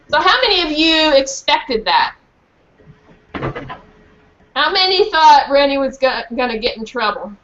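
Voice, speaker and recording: Her voice high-pitched and unhurried, with long pauses, a woman reads a children's book to students before quizzing the class in a lively manner. Faint hiss runs through a dull lo-fi recording.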